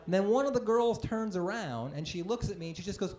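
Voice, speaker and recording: A stand-up comedian in his forties telling a self-deprecating story on a comedy club stage, breaking into sudden loud outbursts. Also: sits high, brisk, hardly any pauses. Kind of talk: live stand-up set. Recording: roomy live club sound. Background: audience laughter.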